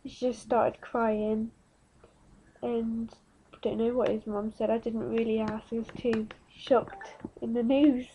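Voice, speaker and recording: A woman's voice: a little high, flat delivery, dark tone, dull audio, slight background noise. A nineteen-year-old woman telling her own story frankly to camera in a vlog. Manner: frank, plain-spoken, slow and unhurried. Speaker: vlogger. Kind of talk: candid personal story to camera.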